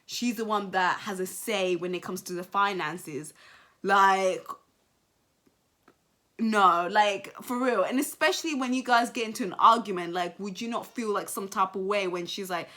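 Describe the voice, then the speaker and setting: A young woman giving casual reaction commentary, animated and emphatic, repeating phrases for effect. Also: medium pitch, normal speed. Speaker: commentary vlogger.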